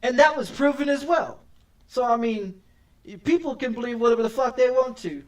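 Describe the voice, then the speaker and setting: Streaming a game, a man rants as he plays in an extremely high-pitched voice at normal speed, swearing often and stammering over repeated words. The mic is distant, and the talk is casual gameplay commentary.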